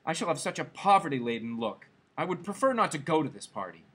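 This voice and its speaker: A vain, discontented young wife whines and pleads in a plaintive storybook voice, as a male reader puts her on. Her lines swing up and down, with a husky grain under them. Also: on the high side, very animated, fast, a bit bright, heavily acted. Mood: petulant.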